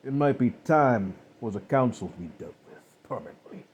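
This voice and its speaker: A man voicing a calm, cold, contemptuous killer who speaks slowly and with measured mockery. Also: medium pitch, lo-fi sound, a little hiss or hum, lightly acted. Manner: slow, measured, coldly mocking.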